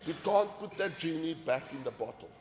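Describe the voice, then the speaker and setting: A man's voice: on the high side, lively intonation, brisk, darkish tone, slight background noise. Earnest man preaching in an echoey hall. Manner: earnest, repeats words when emphatic. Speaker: men's ministry teacher. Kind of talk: sermon-style teaching talk. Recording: echoey hall with faint ambience.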